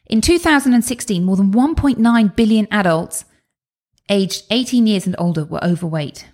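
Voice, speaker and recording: A woman's voice: medium pitch, lively intonation, moderate pace, darkish tone. A woman in her thirties or forties, a wellness coach speaking straight to the listener about emotional eating, acting out inner thoughts in little quoted asides.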